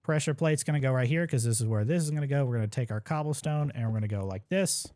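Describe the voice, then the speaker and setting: A young man at his computer at home, chatting through a game speedrun in a relaxed, thinking-aloud way. His voice sits at an ordinary middle pitch, and he drops dry little jokes at his own expense as he goes. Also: fast talker, no room sound. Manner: casual, thinks aloud while playing, self-deprecating asides. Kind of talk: live gameplay commentary.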